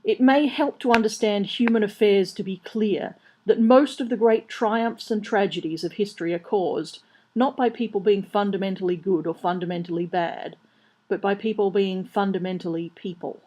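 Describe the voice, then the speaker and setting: A woman's voice: mid-range voice, moderate pace, warm tone, low-quality recording. A woman reading a comic novel aloud in a dry, wry manner. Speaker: audiobook reader. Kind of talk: storybook narration.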